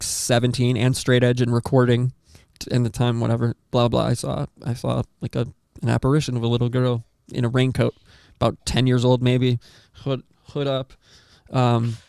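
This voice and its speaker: A man hosting a podcast, telling a story in a rambling, animated way with lots of swearing and acted-out quotes. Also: medium pitch, vocal fry, smooth, no echo, studio quality. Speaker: podcast host. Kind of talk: casual storytelling chat.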